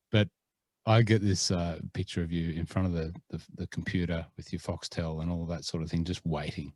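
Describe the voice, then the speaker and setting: A man's voice: deep voice, flat delivery, normal speed, a little mellow, no echo. A Scottish-born man with an Australian accent, co-hosting a casual podcast and rambling through his points with many fillers and restarts. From Scotland. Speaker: podcast co-host. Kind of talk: casual chat.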